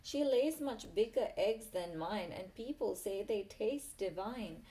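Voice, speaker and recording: Sly plump storybook hen, woman doing her, slow and coaxing. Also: medium pitch, lively intonation, warm tone. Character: crafty plump red hen. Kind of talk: reading a picture book aloud.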